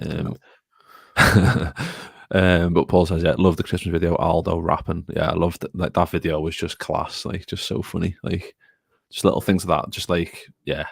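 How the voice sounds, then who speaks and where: A man's voice: sits low, vocal fry, no room sound, studio quality. A man co-hosting a live football podcast, chatting casually and rambling as he reads out viewer comments. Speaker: podcast co-host.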